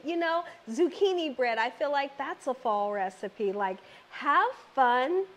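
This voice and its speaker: Exuberant woman hosting a cooking vlog. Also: sits high. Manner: chatty, exuberant, talks straight to viewers. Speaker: cooking channel host. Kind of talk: casual cooking vlog chat.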